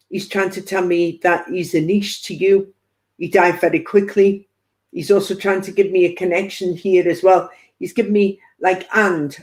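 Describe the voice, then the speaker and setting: A woman working as a spiritual medium, giving a chatty live-stream psychic reading and passing on spirit messages with playful quoted asides. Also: on the low side.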